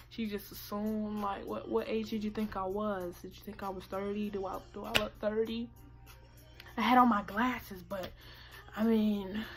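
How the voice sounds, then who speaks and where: A teenage woman telling a story to her camera, animated and profane, acting out what people said. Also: medium pitch, a little hiss or hum. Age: late teens. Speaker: vlogger. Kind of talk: casual storytime vlog. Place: indoor room by natural light.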